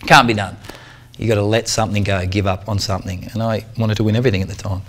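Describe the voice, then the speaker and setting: Animated man telling a race story. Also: fairly low pitch, fast talker. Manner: animated, slangy storyteller who acts out the people in his stories. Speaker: guest speaker, triathlete. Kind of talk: storytelling talk to a club audience.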